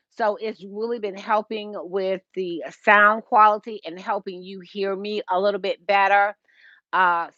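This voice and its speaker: Slow, chatty woman hosting a live stream. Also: medium pitch, fairly bright tone, no room sound, muffled recording. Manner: chatty, greets viewers by name, laughs often. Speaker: home decor livestream host. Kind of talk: casual livestream chat. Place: at home. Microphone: Bluetooth earpiece.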